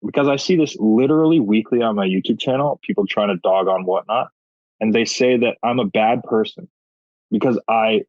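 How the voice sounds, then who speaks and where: Male guest, animated joker, mid pitch, muffled dry recording. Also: no room sound. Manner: joking, animated storyteller. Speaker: podcast guest. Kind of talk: casual chat. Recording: dull lo-fi dry sound.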